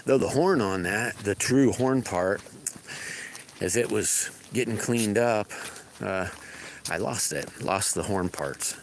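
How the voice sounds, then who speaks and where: A man with a lowish voice hosts a casual livestream outdoors among his farm animals, speaking slowly. He rambles and trails off mid-sentence, and the phone recording has slight background noise.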